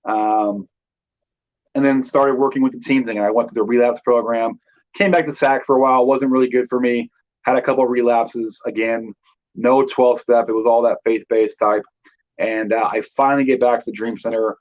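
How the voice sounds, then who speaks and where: A man's voice: medium pitch, fairly even intonation, moderate pace, dull audio. A man in his thirties from Northern California, a guest telling his life story in loose casual talk with many fillers. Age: 30s.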